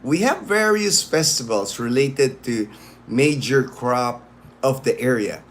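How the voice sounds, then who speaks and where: A man's voice: mid-range voice, lively intonation, slow pace. A man hosting a casual livestream, rambling with many fillers and restarts as he greets viewers by name. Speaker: livestream host.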